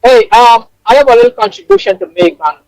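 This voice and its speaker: A man's voice: very high-pitched, lively intonation, a little fast, darkish tone, no room sound, rough recording. A man calling in to a radio show, hesitating and restarting as he makes his point. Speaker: caller. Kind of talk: call-in radio.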